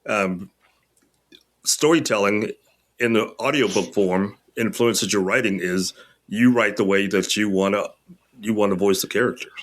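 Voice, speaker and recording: A man hosting a podcast, asking his guest questions in a relaxed, conversational way. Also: lowish voice, measured pace. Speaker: podcast host. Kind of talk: casual podcast interview.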